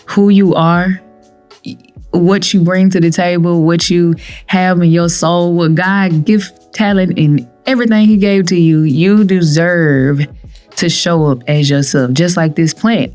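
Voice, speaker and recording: A young woman with a lowish voice tells her own story as a podcast guest, acting out what she and others said with lively energy. Soft music sits faintly underneath. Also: unhurried. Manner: animated, acts out her own quotes and others' voices, laughs often. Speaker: guest, cannabis entrepreneur with a pharmacy doctorate. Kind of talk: personal storytelling in a podcast interview.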